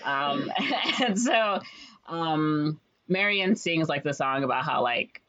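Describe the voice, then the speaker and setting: A woman casually retelling a story's plot in a rambling way, full of fillers and quick quoted voices. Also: low voice, expressive, a bit bright. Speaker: podcast co-host retelling a musical's plot. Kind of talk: casual chat. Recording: slightly dull lo-fi audio.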